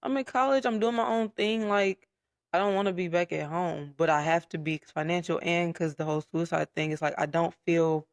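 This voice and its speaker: A young man telling his personal story in a casual podcast chat, candid and soft-spoken, with frequent fillers. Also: on the high side, fairly quick, dry recording, clean studio sound. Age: young adult. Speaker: podcast guest.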